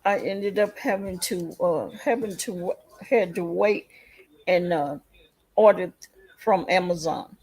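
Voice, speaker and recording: A woman's voice: fairly low pitch, a little slow, darkish tone, husky, rough recording. A woman hosting a casual livestream chat, rambling through a story and talking straight to her viewers. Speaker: livestream host.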